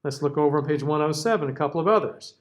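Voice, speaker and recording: An American man with a slightly high voice walks a class through vowel sounds in a recorded lecture. He keeps it relaxed and conversational, modeling words aloud and tagging on "okay?" as he goes. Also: fast. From United States. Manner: casual, checks in with frequent "okay?". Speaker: diction teacher.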